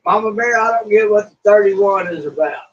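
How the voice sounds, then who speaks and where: A man's voice: high voice, moderate pace. A man co-hosting a livestream, relaying viewer messages in casual chat. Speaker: co-host reading viewer messages. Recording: muffled lo-fi sound.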